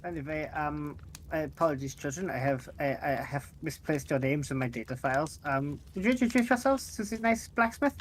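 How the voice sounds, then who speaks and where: Lowish-voiced woman playing a tabletop game. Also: lively intonation, a little fast, slight background noise. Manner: casual, hesitant in character. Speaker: player. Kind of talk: tabletop role-play.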